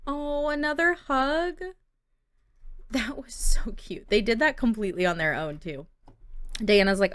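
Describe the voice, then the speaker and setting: A woman's voice: a little high, lively intonation, measured pace, pauses often, fairly bright tone, dry recording, studio quality. A young woman giving chatty, playful commentary while playing a life-sim game. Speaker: gameplay video host. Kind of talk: casual gameplay commentary.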